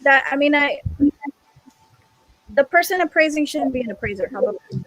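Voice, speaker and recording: A woman's voice: high-pitched, lively intonation, fairly quick, a bit bright, dry recording, low-quality recording. A woman teacher speaking in a group meeting, exasperated and emphatic, repeating her points. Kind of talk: frustrated discussion in a group meeting.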